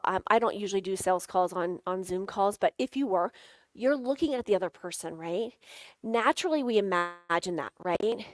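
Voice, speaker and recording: A woman's voice: mid-range voice, darkish tone, dry recording. A middle-aged woman giving a live sales workshop, playfully coaching the audience through tapping exercises with jokey asides and frequent laughs.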